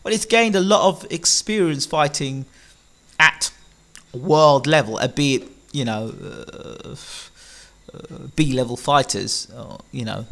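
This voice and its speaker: A man giving opinionated boxing commentary to camera, animated and full of rhetorical questions, with frequent ums. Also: medium pitch, gravelly.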